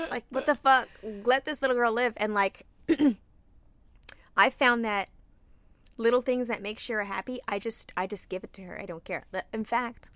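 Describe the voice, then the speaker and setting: A woman in her thirties co-hosting a podcast, chatting candidly and swearing freely while telling animated stories about her children. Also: fairly high pitch, normal speed, pauses often, no room sound. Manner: candid, profane, animated storytelling. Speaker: podcast co-host. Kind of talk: casual chat.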